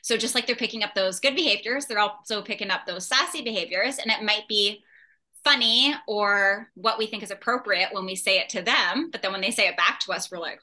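A woman's voice: medium pitch, brisk, bright, forceful tone. A woman in her thirties, a guest on a parenting chat, explaining patiently and reassuringly. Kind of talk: casual podcast chat.

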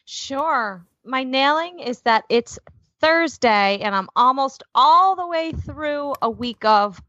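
A woman in her thirties co-hosting a casual chat, telling stories quickly and expressively. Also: high voice, animated, pushed and bright. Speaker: podcast co-host. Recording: slightly dull lo-fi sound.

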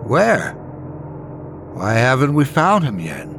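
Guy doing a suspicious young diver woman, pushy and uneasy, lively voice. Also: medium pitch, takes it slowly, noisy background, heavily acted. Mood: wary. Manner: wary, demanding.

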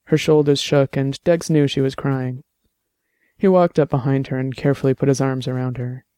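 A man calmly reading the narration of an audio drama. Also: medium pitch, moderate pace, clean tone, dry recording, clean studio sound.

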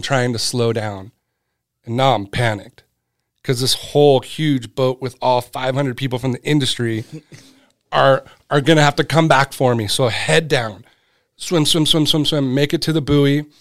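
A man's voice: medium pitch, dry recording. A middle-aged man tells a story in a loose, chatty way. He jumps into the voices of the people he quotes, then drops back to his own mid-range voice. The recording is close and dry. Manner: animated, acts out quoted voices. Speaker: guest, brand cofounder. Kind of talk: casual storytelling.

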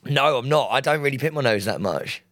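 A man, co-hosting a casual chat podcast and often breaking into excited yelps and laughter. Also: mid-range voice, brisk, dry recording, studio quality. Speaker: podcast co-host.

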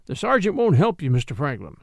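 A man's voice: a little high, huge pitch swings, a little fast, vocal fry, dry recording, full character voice. A man voicing an elderly male house steward who is stubborn, fussy and loyal, in an audiobook reading. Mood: earnest warning. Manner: obstinate, fussy and respectful.

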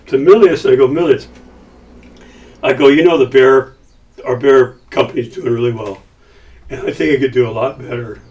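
A middle-aged man casually recounting a business story, acting out the quoted voices as he goes. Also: mid-range voice. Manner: animated, acts out quoted dialogue. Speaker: company founder telling a story. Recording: voice somewhat far from mic.

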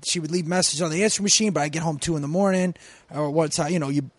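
High-voiced man telling a profane story. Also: racing, dry recording. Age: 40s. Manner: profane, animated storyteller acting out quotes. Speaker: comedian guest. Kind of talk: casual podcast storytelling.

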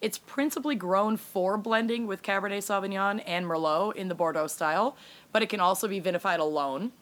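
A woman's voice: medium pitch, brisk, a bit bright. A woman co-hosting a casual podcast, chatty and laughing often, with the odd swear. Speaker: podcast co-host.

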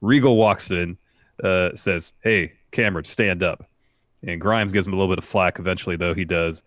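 Low-voiced man giving a steady recap. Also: moderate pace, no room sound, clean studio sound. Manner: steady play-by-play retelling with fillers. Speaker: podcast co-host. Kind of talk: casual recap narration.

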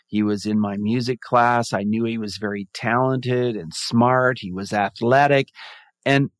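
A man's voice: mid-range voice, fairly even intonation, measured pace, no echo. A man and former music teacher, a guest giving earnest, reflective interview answers, often restarting his phrases.

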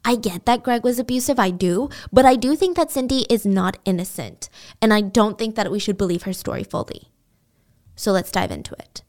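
A woman hosting a podcast, telling a true-crime story in casual, animated storytelling and acting out the people in it. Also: medium pitch, brisk. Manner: animated, expressive, acts out quotes. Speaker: podcast host.

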